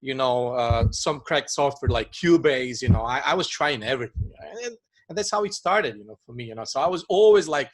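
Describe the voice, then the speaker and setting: Halting man chatting casually. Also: medium pitch, expressive. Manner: halting, repeats words, many "you know" fillers. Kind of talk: casual chat.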